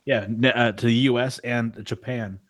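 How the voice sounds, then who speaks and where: A man's voice: medium pitch, fairly even intonation, moderate pace. Blunt swearing man. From Australia. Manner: blunt, swears freely, reads from articles. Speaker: podcast host. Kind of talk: casual chat.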